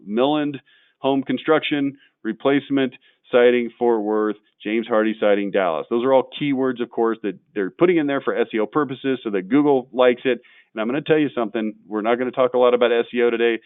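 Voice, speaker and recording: A man presenting a marketing webinar, blunt and quick to get worked up as he tears into examples. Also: medium pitch, dry recording, phone-quality sound. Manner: blunt, gets worked up and ranting.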